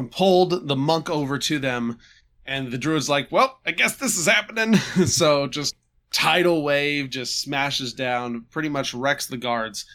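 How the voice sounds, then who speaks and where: A man casually recapping a tabletop game session, halting and restarting with chuckles. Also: medium pitch, fairly bright tone. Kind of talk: casual chat.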